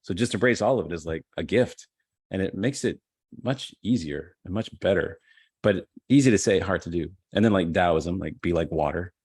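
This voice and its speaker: Middle-aged male improv teacher, low voice, dry close sound, animated storyteller. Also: normal speed, husky, no room sound. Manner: animated storyteller, acts out quotes. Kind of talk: casual conversation. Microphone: video call.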